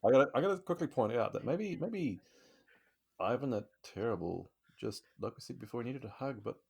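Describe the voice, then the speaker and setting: A man's voice: medium pitch, animated, fairly quick, creaky, darkish tone, slightly rough. A man co-hosting a comedy podcast, joking in a playful way. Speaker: podcast co-host. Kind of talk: casual comedy chat.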